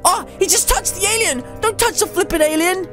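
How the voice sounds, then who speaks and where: A high-voiced woman gives breathless, excitable commentary over her game, constantly reacting with surprised exclamations. Soft music plays faintly underneath. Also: a little fast. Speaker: gamer.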